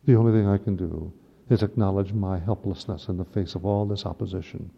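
A man's voice: deep voice, steady tone, a little fast, vocal fry, husky. A man preaching a sermon at Mass, impassioned and rising to emphatic peaks. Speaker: priest. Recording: dull lo-fi recording in a long-reverb hall.

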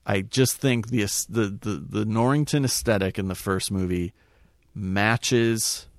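A man co-hosting a casual movie chat, animated and swearing freely, speaking in quick bursts. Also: on the low side, no room sound, clean studio sound. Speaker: podcast co-host.

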